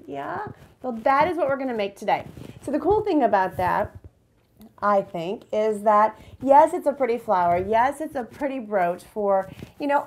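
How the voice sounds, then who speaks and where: A woman's voice: high voice, darkish tone, slight background noise. A woman hosting a card-making tutorial, bubbly and enthusiastic, chatting to her viewers. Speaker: crafting channel host.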